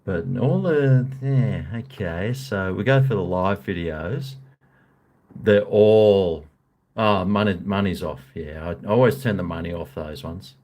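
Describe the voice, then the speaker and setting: A man's voice: low voice, a little slow, a little mellow. A man chatting casually to camera in a rambling, laid-back way with chuckling asides. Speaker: vlogger. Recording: echoey room.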